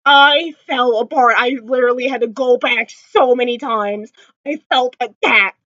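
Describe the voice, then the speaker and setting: Bright, high-voiced gushing fan woman. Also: unhurried, no room sound. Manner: gushing, emotional fan talk with many fillers; close to tears at times. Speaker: vlogger recapping a TV episode. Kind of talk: casual episode recap. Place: indoors at home. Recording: dry, slightly dull home recording.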